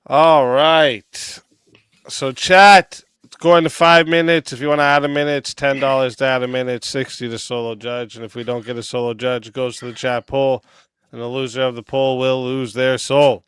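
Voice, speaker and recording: A man moderates a live-streamed debate, reading each prompt in an even, measured way. His voice is smooth and clear. The sound is dry and close. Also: medium pitch, no echo. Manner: reads prompts evenly, then hypes chat.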